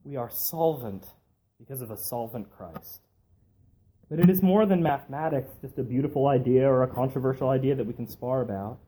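Man, preacher, mellow dark voice, earnest, fervent emphasis, sermon. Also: medium pitch, brisk.

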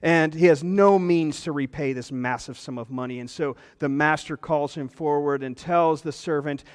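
Man, pastor, earnest emphatic sermon, higher voice, long reverb. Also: normal speed, smooth.

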